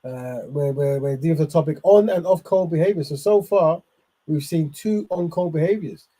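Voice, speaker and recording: A man's voice: on the high side, moderate pace, low-quality recording. A man hosting, commenting on clips in a loose, rambling way with lots of fillers. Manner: loose, rambling, with many fillers and shout-outs. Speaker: host.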